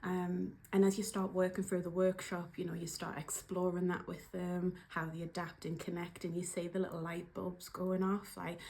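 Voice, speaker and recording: A woman with a Geordie accent chats her way through a reflective vlog, sounding easygoing and friendly. Her voice sits a little low, and she talks with plenty of fillers and the odd self-deprecating joke. There is faint background noise under the recording. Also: flat delivery, moderate pace, a little mellow. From Newcastle upon Tyne, northeast England. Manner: chatty, many fillers, light self-deprecating humor. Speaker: workplace coach and workshop facilitator.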